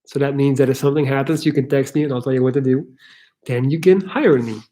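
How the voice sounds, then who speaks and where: A man hosts a livestream Q&A, answering viewer questions in a chatty, joking way and laughing easily. His voice is mid-range with a dark tone, and he talks at a quick pace.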